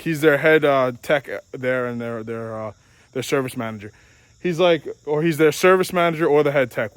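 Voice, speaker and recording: A man with a fairly high voice talks through a casual vlog outdoors beside his tractor. He rambles in a friendly, chatty way and pokes fun at himself for not knowing the proper part names. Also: rough recording. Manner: rambling, chatty, self-deprecating. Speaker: outdoor channel vlogger. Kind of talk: casual show-and-tell vlog.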